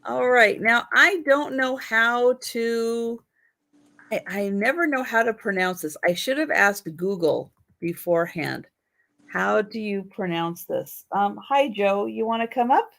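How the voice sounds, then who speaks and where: Female stream-sale host; slow, measured auction calls and item descriptions. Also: on the high side, animated, gravelly, fairly bright tone. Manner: slow, patient, explaining items. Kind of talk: live-stream auction chat.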